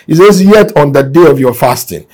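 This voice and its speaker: A man's voice: a little high, expressive, normal speed. A man preaching a sermon to remote listeners, reading scripture aloud and explaining it, with emphatic exhortation. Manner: emphatic, rising to forceful exhortation. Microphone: broadcast to remote listeners.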